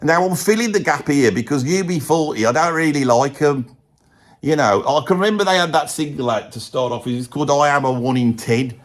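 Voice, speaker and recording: In a comedy monologue, a man with a Birmingham accent plays a comic pundit: a rambling, blokey older heavy metal fan who keeps losing his thread and says bloody a lot. His natural voice is on the high side and fairly quick.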